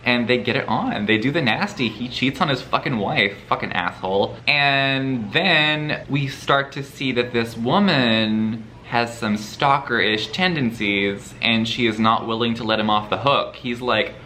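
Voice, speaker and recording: A man chatting casually in a reading vlog, animated and profane, with campy humor. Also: mid-range voice, unhurried, few pauses, a little hiss or hum. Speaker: book vlogger. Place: indoors at home, later outdoors.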